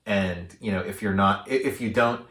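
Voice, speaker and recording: A male podcast co-host with a fairly low pitch talks at normal speed, casually discussing a film in a rambling way with plenty of fillers and restarts. He acts out quotes animatedly, and the sound carries a roomy echo.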